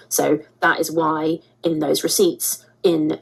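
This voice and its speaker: Low husky woman commentator. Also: flat delivery, takes it slowly, hardly any pauses, poor audio. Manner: emphatic, repeats words for stress. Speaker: commentary host. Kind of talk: scripted drama commentary.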